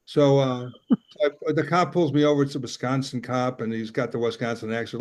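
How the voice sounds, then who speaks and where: A man in his sixties from Chicago doing a rambling stand-up set with deadpan jokes over a video call. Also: medium pitch, a little fast. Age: 60s. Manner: rambling deadpan jokes, puts on character voices. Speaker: stand-up comedian.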